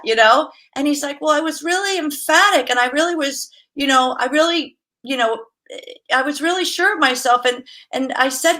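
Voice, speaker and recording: A woman's voice: sits high, normal speed. A woman who works as a massage therapist, a guest chatting casually, telling stories with laughs and acting out quoted voices. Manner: lively storyteller, laughs often, acts out quotes. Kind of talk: casual interview chat.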